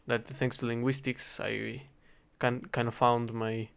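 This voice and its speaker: A man's voice: mid-range voice, little pitch movement, measured pace, creaky, clean tone. Rambling young man, hesitant and self-correcting. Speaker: English teacher. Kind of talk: casual rambling talk while gaming.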